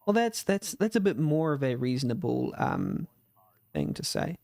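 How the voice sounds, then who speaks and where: A man's voice: fairly high pitch, very animated, normal speed, gravelly, mellow, no room sound. A man casually commenting on a game he plays, chatty and wry, often laughing and restarting his sentences. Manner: chatty, giggly, restarts a lot, wry asides. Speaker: let's play gamer. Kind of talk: casual game commentary, reading dialogue aloud.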